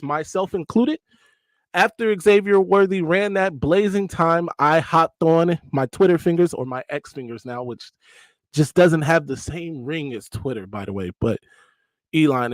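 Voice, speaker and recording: A chatty man hosts a live stream. His voice sits a bit high, and he keeps drifting into joking asides. The recording is close and dry. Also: normal speed, dry recording. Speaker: host. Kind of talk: casual live-stream commentary.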